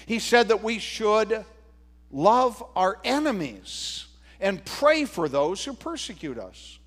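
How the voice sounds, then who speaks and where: A man preaching a sermon to his congregation, talking in an unhurried, conversational way with fillers and rhetorical questions. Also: high voice, very animated. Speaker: pastor. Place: church sanctuary. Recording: long reverb of a church hall.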